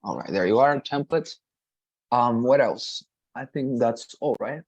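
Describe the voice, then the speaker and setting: A man leads an online English lesson, patiently repeating each word and checking understanding. His voice sits at a mid pitch, and the recording is dry and close. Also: animated, dry recording, highs cut off. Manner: patient, repetitive, models pronunciations slowly, frequent "right?" checks. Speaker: English teacher.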